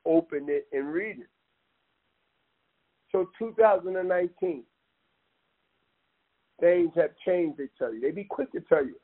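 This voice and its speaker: A man's voice: fairly high pitch, unhurried, pauses often, husky. A man talking with passion, rambling and emphatic, often calling the listener "man". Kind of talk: impassioned casual talk. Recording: tinny phone-line audio.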